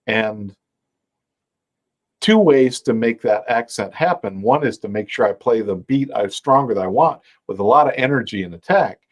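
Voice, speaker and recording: A man teaching a live online music lesson on timing. He explains things patiently, counts beats aloud, scats rhythms and sings short bits of a folk song while he plays. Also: on the low side. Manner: explains timing with counting, scatting and sung demonstrations over his own playing. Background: his own dulcimer playing.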